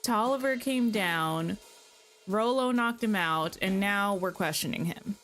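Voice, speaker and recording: Woman streamer, slow chatty recap, reads game narration, faint music behind. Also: medium pitch, a bit bright. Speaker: streamer playing a story game. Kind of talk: casual let's-play commentary and reading narration.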